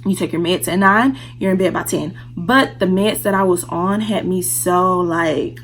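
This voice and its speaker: A woman's voice: lowish voice, a little slow, a bit bright, soft background music, poor audio. A woman vlogger telling a personal story in a candid, casual way, speaking straight to her viewers.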